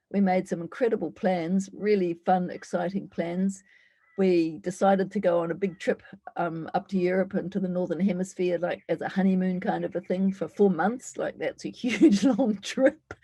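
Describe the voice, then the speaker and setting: A woman's voice: medium pitch, dark tone, no room sound. A woman in her sixties telling her life story as a speaker at an online summit, candid and reflective, with frequent ums and restarts. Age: 60s. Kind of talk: personal life story talk.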